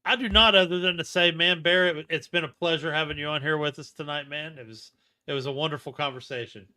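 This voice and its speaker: Male co-host, bright smooth voice, dry close sound, eager casual talk. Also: on the high side, fast, dry recording. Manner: enthusiastic, animated. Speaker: podcast co-host. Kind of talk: casual chat.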